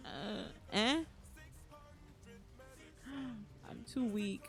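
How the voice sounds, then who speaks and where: A woman plays a video game on a live stream, talking with emotion and pleading the same phrases over and over. Game music runs in the background. Her voice is lowish and expressive, at a moderate pace.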